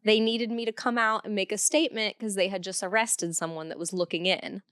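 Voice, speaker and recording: A woman's voice: medium pitch, little pitch movement, brisk, fairly bright tone, smooth, no room sound, clean studio sound. A woman in her thirties from Cleveland, hosting a podcast and telling stories candidly with frequent swearing. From Cleveland, USA. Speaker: podcast host. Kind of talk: casual chat.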